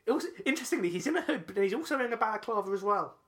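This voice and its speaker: Animated, rambling male podcast co-host. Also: high-pitched, racing. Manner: excited, rambling storyteller with laughs and restarts. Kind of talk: casual chat.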